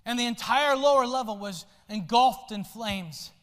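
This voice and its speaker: A male pastor preaching a sermon, swinging from soft low asides to loud shouted lines. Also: a little slow, clean tone. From United States. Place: church sanctuary. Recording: long hall reverb in a church.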